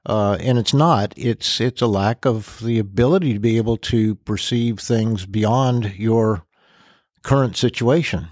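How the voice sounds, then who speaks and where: An older minister answers questions as a podcast guest, choosing his words carefully with fillers and pauses. His voice sits fairly low. The recording is dry. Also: darkish tone, dry recording. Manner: measured, thoughtful, with pauses and fillers. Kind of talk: casual podcast interview.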